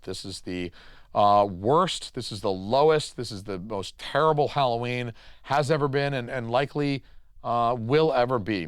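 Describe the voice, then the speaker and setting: A man's voice: fairly low pitch, clean tone, no room sound, studio quality. Irreverent man rambling about movies. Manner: rambling and irreverent, with crude jokes. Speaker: horror film reviewer. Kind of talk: casual spoken film commentary.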